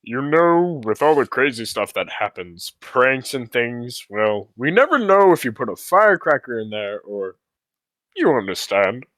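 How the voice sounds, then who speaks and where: Brief: a man as a fussy school principal, lively sing-song delivery, dry close sound. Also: medium pitch, unhurried, no echo. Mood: stern. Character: fussy middle-aged male school principal. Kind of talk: amateur stage play reading.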